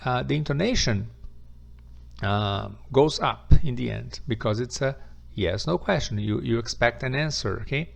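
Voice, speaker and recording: A man's voice: mid-range voice, moderate pace, creaky. A man teaching an English grammar lesson, patiently repeating example questions and answers, speaking English as a non-native with Portuguese as his first language.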